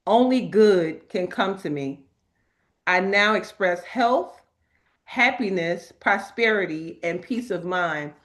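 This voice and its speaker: A woman hosting a spiritual talk, animated and emphatic, laughing often as she reads inspirational cards. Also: medium pitch, slow pace. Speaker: host. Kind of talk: spiritual talk and card reading.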